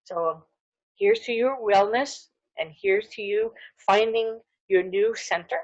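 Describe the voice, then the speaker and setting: A woman's voice: mid-range voice, takes it slowly, darkish tone, dry recording, muffled recording. A middle-aged woman giving a casual, heartfelt wellness talk to camera, earnest and full of fillers and restarts. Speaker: holistic dental hygienist.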